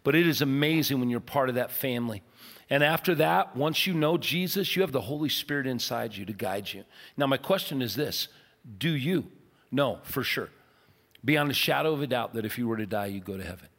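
A male pastor preaches with earnest emphasis, leaning hard on key words and easing into quiet prayer. His voice sits mid-pitched and carries with a long reverb through a large church auditorium. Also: animated, a little fast, vocal fry. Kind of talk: sermon with altar call.

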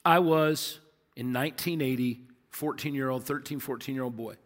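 A man's voice: mid-range voice, moderate pace. A man in his fifties, a pastor, preaching a sermon with emphatic repetition and rhetorical questions in a large church. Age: 50s. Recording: long hall reverb.

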